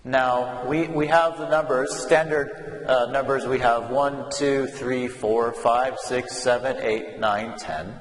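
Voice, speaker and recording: A man's voice: medium pitch, fairly even intonation, takes it slowly, hardly any pauses. A man teaching English numbers, speaking patiently and drilling words for listeners to repeat in a classroom. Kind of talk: slow classroom explanation. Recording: echoey room with long reverb and faint hum.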